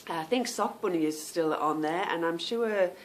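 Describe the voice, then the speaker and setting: A woman's voice: on the low side, moderate pace. A woman hosting a knitting podcast, chatting casually to viewers, rambling off on tangents and stumbling over unfamiliar names.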